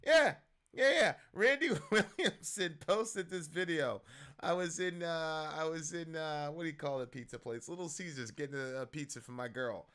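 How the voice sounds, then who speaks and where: A man hosts a casual political stream, talking loosely in slang and breaking into loud outbursts. His voice is bright and smooth, a little high for a man. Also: moderate pace.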